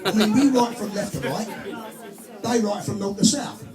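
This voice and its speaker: Crude, sweary male compere with a very high voice, working a rowdy dinner crowd. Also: normal speed. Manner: swearing, joking, laughing at own gags. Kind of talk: crude stand-up comedy routine. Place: function room at an evening dinner. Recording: echoey function room with music and crowd.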